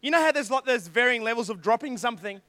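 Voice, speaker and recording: Preaching to a youth group, a fast-talking Australian man with a remarkably high voice tells a joke-packed story at his own expense. His delivery is animated, he repeatedly prompts the audience to answer, and the audio is dry and close-miked with no reverb.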